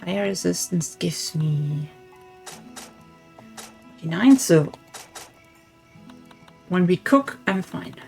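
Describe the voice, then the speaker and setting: A woman with a slightly low voice streams a game and thinks aloud in easy chat with a friend. She muses over her choices between dry little jokes. Faint game music plays under her voice. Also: lively intonation, slow, vocal fry, long pauses, a little mellow. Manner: musing, thinks aloud while playing. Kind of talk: casual gaming chat. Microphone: streaming setup.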